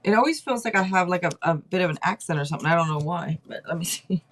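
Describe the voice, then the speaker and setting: A woman's voice: fairly low pitch, animated, fast talker, slight background noise. A woman hosting a casual livestream tarot reading, chatty, thinking aloud and laughing often. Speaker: tarot reader host.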